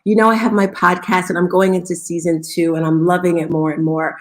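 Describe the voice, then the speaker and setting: A woman's voice: on the low side, little pitch movement, a little fast. A woman hosting a live motivational morning talk, upbeat and coaxing as she draws listeners in and leads call-and-response. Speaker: host of a live audio room.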